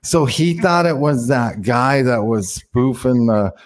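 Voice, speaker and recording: A man's voice: medium pitch, expressive, takes it slowly. A man, a guest, rambling through a casual story and acting out the quoted dialogue. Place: in Mexico.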